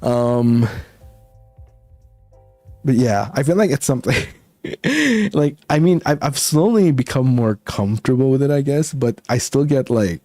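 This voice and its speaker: A man chats with his stream audience at an easy, unhurried pace, breaking into giggles often. His pitch rises and falls with lively swings. The recording is dry and close, with faint background music. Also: no room sound. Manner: giggly, laughs often, rambling. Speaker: VTuber streamer. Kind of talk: casual chat with viewers.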